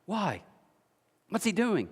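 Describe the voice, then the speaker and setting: A man preaching a sermon, telling a story with lively quoted voices and frequent restarts. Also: sits high, slow, husky, long reverb tail. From United States. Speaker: pastor. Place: church auditorium.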